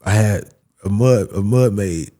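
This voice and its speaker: A young man, a podcast guest, telling a story in a casual, animated way, leaning on "I'm like" and repeating himself as he talks. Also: on the low side, measured pace. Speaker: podcast guest, former pro boxer.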